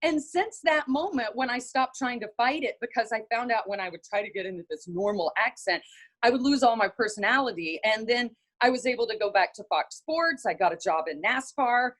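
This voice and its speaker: A woman's voice: a little high, fairly quick. A middle-aged woman from North Carolina with a Southern accent, a television writer and presenter telling stories as an interview guest and acting out the people she quotes. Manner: animated storyteller acting out quoted voices. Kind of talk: casual interview storytelling.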